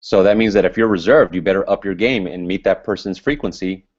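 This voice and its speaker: A man giving a motivational business training talk to a group, speaking loud and fired up. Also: low voice, fairly quick. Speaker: business seminar presenter. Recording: dull lo-fi recording.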